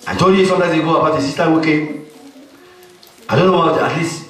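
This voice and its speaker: High-voiced pastor preaching in an echoey hall. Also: male voice, steady tone, quick pace, far from the mic. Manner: emphatic preaching punctuated by frequent "Amen". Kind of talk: sermon.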